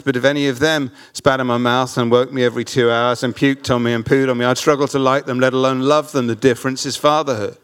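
A pastor with a smooth, clear, resonant voice preaches to his congregation. He tells humorous, self-deprecating stories about fatherhood and then turns earnest. His voice sits at an ordinary middle pitch for a man. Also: fairly bright tone. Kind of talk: sermon. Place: church hall with audience.

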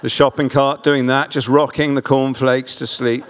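A pastor with a smooth, clear, resonant voice preaches to his congregation. He tells humorous, self-deprecating stories about fatherhood and then turns earnest. His voice sits at an ordinary middle pitch for a man. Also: level tone, normal speed. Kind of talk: sermon. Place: church hall with audience.

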